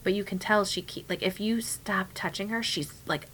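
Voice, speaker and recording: A woman's voice: medium pitch, normal speed, a bit bright, slightly rough. A young woman chatting casually as a podcast co-host, telling a story animatedly and acting out her own whispered and spoken quotes. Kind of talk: casual chat.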